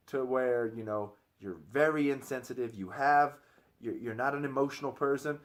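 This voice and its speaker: A man's voice: mid-range voice, fairly quick. A man in his thirties giving an earnest, opinionated vlog monologue, often tagging his points with "right?". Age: 30s. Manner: chatty, keeps tagging lines with "right?"; earnest, opinionated, repeats himself while he thinks. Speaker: personal trainer vlogger.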